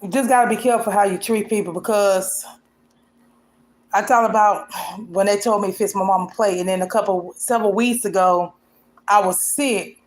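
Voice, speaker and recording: A woman telling a painful personal story to her vlog audience in a rambling, emotional, colloquial way. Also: mid-range voice. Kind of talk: casual storytelling.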